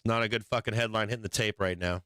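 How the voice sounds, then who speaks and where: A hoarse man hosting a live market stream, reading headlines and cursing bluntly about the charts. His voice sits fairly low yet stays clean and resonant. The sound is dry and close, with no room around it. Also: fairly even intonation, fast talker, sharp tone, no room sound. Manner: blunt, profane, reads headlines aloud. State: losing his voice. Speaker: stock market livestream host. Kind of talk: casual market commentary with profanity.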